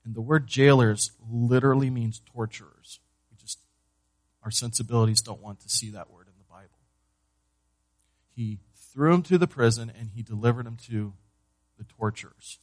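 A pastor preaching a sermon to his church, moving between loud emphasis and hushed, low delivery, and asking the congregation questions he then answers. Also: moderate pace, no room sound. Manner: asks the congregation questions and answers them himself.

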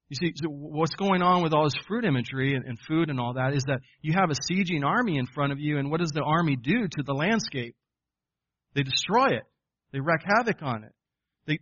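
A man's voice: on the high side, no echo, highs cut off. A man preaching a sermon, reading scripture aloud and explaining it to his listeners in an earnest, direct way, calling them folks and guys. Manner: reads scripture with rising emphasis, repeats words when excited.

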